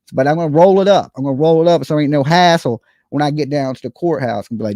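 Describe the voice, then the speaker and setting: A man with a drawl hosts his own call-in stream and rants in a loose, cocky way, full of swearing and jokes. His voice sits a touch high and sounds dry and close to the mic. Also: fast, a little mellow, no echo. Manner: boastful, profane, jokey, keeps asking "you know what I'm saying". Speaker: online show host. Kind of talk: casual ranting monologue.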